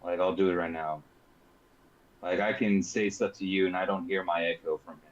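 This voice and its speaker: Man, very low voice, relaxed explainer, dull voice-call audio. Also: moderate pace. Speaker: player. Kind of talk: casual tabletop chat over voice call. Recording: muffled voice-call audio with faint hiss.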